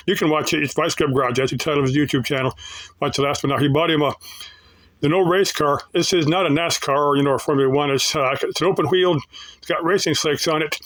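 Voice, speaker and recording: A man's voice: a little high, fairly bright tone, low-quality recording. A man talking casually to his viewers in a rambling, folksy way, often restarting his sentences. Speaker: YouTuber answering viewers. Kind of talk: casual off-the-cuff talk.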